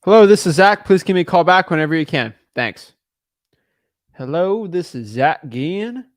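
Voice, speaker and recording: A man's voice: sits high, animated, normal speed, no echo, clean studio sound. A man putting on a bad Southern US accent to play a friendly cold caller leaving a voicemail. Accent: put-on Southern US. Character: male cold caller faking a clumsy Southern drawl.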